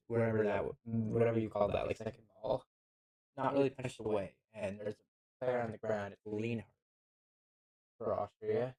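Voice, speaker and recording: A man giving casual live play-by-play commentary on a football match into a handheld mic, halting and often unsure of player names. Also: on the low side, fairly even intonation, warm tone, low-quality recording. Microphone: handheld microphone.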